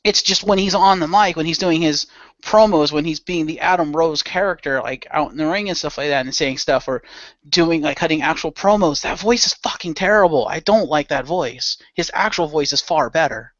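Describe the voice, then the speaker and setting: A man's voice: a little high, normal speed, a bit bright, no echo. A man chatting on a podcast panel, giving opinionated rants and swearing freely. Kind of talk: casual podcast chat. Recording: dull lo-fi dry sound.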